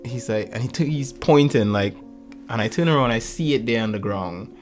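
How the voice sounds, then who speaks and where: A man in his thirties casually telling a lively story about his kids, acting out their lines and laughing often. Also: medium pitch, normal speed, faint music behind. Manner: animated, acts out family quotes, laughs often. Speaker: podcast co-host.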